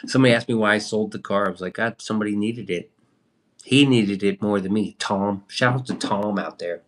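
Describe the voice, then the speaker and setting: Young guy on a livestream, kinda low voice, loose and rambling, answers chat, curses here and there. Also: a little fast, a little hiss or hum. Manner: loose and rambling, swears, reads out and answers viewer comments. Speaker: livestream host.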